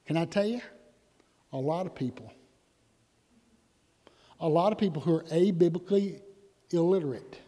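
A man preaching a sermon in a church, animated and conversational with sudden loud outbursts. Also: high voice, normal speed, long pauses. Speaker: pastor. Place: church sanctuary. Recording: long hall reverb.

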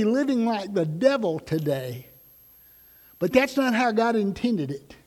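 A middle-aged man preaches a sermon in a church sanctuary, his voice sitting notably high for a man. He builds earnestly toward emphatic, drawn-out peaks. The sound carries a long reverb from the hall. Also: lively intonation. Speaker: pastor.

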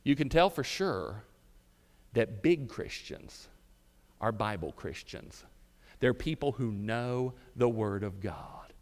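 A man preaching a sermon, with dramatic pauses and drawn-out emphasis. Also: medium pitch, expressive. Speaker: pastor. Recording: reverberant hall.

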